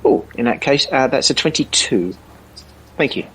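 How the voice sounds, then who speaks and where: A man's voice: mid-range voice, lively intonation, moderate pace, fairly bright tone, breathy edge, poor audio. A man playing a tabletop game casually, hesitant with many fillers. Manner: hesitant, lots of "uh". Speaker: player.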